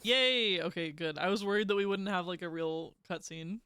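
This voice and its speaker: A man's voice: sits high, normal speed, pushed and bright, smooth. A man streaming a video game live, chatty and reacting aloud as he plays. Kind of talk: live gameplay commentary.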